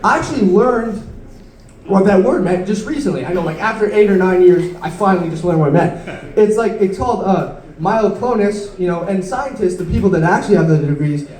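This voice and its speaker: A young man in his late teens works through a stand-up set, his voice sitting noticeably high. He rambles, trips over his words and pokes fun at himself. The sound is roomy and picked up from some distance away in a club. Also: lively intonation, a little fast, darkish tone. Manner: rambling, self-deprecating, stumbling delivery. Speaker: stand-up comedian. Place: comedy club stage.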